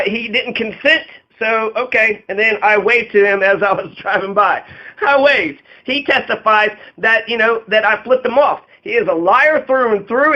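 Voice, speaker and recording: A political candidate rants angrily about his arrests in a profane, aggrieved, rambling monologue packed with fillers. His voice is high-pitched, and the highs in the recording are cut off.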